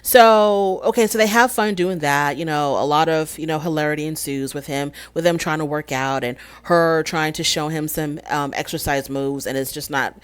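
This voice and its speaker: Low-voiced woman chatting through a show recap. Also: normal speed, hardly any pauses, smooth. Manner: chatty and opinionated, frequent "you know" fillers. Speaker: show reviewer, channel host. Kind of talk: casual episode recap and review.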